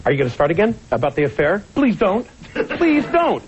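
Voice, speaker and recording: A man's voice: high-pitched, wildly swooping pitch, a little fast. A man improvising a comic scene, stammering and bumbling through his lines. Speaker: improv performer. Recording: dull TV studio recording with noise.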